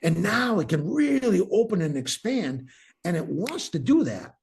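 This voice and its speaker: A man's voice: high-pitched, normal speed, creaky, husky. Older man guiding a breath meditation. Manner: calm, instructive, repeats cues. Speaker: breathwork teacher.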